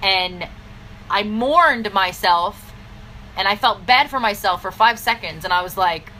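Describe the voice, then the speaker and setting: A woman business coach giving a blunt, scolding pep talk straight to camera, with sudden swings in pitch. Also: animated, measured pace, pushed and bright, a little hiss or hum, low-quality recording. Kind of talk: direct-to-camera motivational vlog.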